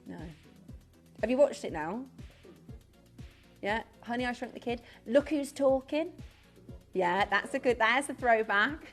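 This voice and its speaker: A woman's voice: on the high side, lively intonation, unhurried, long pauses, fairly bright tone, faint music behind. A woman presenting on a live shopping channel in a chatty way, full of rhetorical questions. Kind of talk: live TV selling chat. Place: TV studio.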